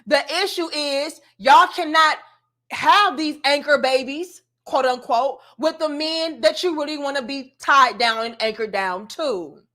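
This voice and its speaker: A blunt, sassy woman rants to her viewers in a high, bright voice. She lectures in slang with plenty of attitude, and her tone stays sharp and forceful throughout. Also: unhurried. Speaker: commentary vlogger. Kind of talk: opinionated commentary rant.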